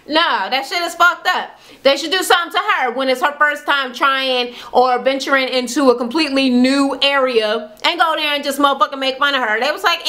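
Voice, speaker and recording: A woman with a high, bright voice speaks in a loose, profane rant. She recaps a reality show with blunt commentary and acts out other people's lines as she goes. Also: animated, moderate pace.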